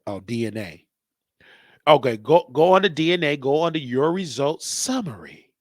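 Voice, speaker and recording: A man hosts his own show in a casual live-stream monologue, rambling, joking and thinking aloud as he goes. His voice is fairly high and expressive, at a normal speed. The recording is dry and studio quality.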